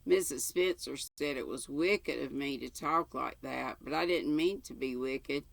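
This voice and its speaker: A woman's voice: rumbling low, a little slow, creaky, no room sound, exaggerated voice. An older woman reading aloud and voicing a chatty, imaginative orphan girl in a breathless, eager, rambling way. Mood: eager chatter.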